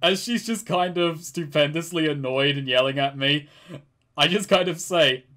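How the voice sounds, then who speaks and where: Young male player, slightly high voice, wry, amused, casual banter. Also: normal speed, pushed and bright. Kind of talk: tabletop game banter.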